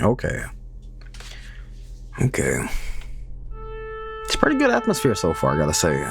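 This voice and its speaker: A man's voice: sits low, huge pitch swings, unhurried, creaky, pauses often, music in the background. A man streaming a horror game, making rambling jokes and chatting between moments. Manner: joking, rambling asides. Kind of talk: casual gameplay commentary.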